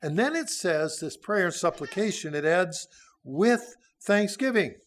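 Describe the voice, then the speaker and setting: A man's voice: sits high, lively intonation, a little slow. A man in his sixties giving a sermon, teaching through a Bible passage in a folksy, conversational way with frequent hesitations. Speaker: church speaker.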